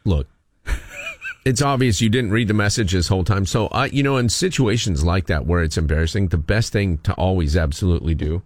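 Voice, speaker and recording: A man's voice: low-pitched, brisk, no echo. A man co-hosting a radio show, joking around and acting out little quoted exchanges. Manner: joking, acts out voices in quoted asides. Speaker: radio co-host. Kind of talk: casual morning radio banter.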